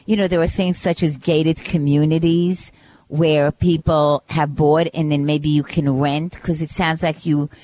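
A woman from Brooklyn co-hosting a radio talk show, asking callers clear, encouraging questions. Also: sits low, little pitch movement, a little slow, dark tone. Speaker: co-host.

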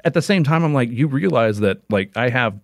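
A man's voice: mid-range voice, lively intonation, fairly quick, dry recording. A man as an interview guest, chatting casually in a rambling way, with many restarts and filler words. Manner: rambling, full of "like" and restarts, laughs often.

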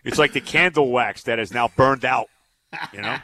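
A man hosting sports talk radio, gruff and offhand with plenty of fillers. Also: mid-range voice, moderate pace, sharp tone, a little hiss or hum.

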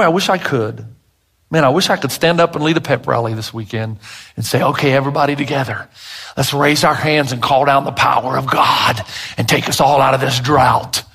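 Husky, emphatic male pastor preaching. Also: mid-range voice. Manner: emphatic, dramatic swings from loud to hushed. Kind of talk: sermon.

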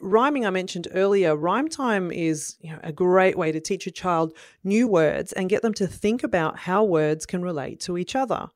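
A woman in her thirties with a low voice gives parents practical advice in an encouraging, friendly tone. She acts out little exchanges with children as she explains. The recording is dry and close, with no room sound. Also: expressive, moderate pace, few pauses, no echo. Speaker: parenting educator. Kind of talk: instructional talk to parents.

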